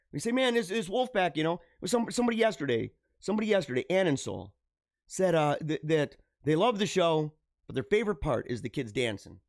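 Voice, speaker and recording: Middle-aged guy hosting a live show, a bit high voice, earnest and halting, dry close sound. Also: dry recording. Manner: earnest, halting, with repeated phrases and restarts. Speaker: livestream show host. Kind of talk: emotional personal monologue to viewers.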